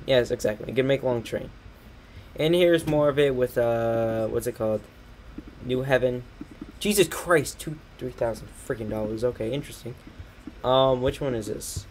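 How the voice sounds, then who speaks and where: A man's voice: medium pitch, darkish tone, slight background noise. Rambling, foul-mouthed young man streaming. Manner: rambling, sarcastic, swears a lot, laughs often. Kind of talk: casual commentary over a catalog.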